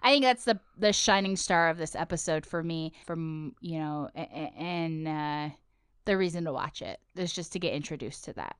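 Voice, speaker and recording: A woman's voice: low voice, moderate pace, clean tone, dry recording, clean studio sound. A woman co-hosting a podcast, chatting casually and playfully about a cartoon episode. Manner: playful, teasing, animated. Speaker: podcast co-host.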